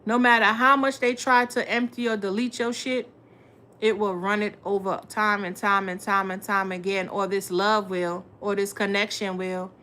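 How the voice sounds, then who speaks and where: A woman's voice: mid-range voice, flat delivery, moderate pace, sharp tone. Woman tarot reader, casual and profane, heavy slang, mid-range voice, faint background noise. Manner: profane, blunt, repetitive; slangy, talks straight to viewers.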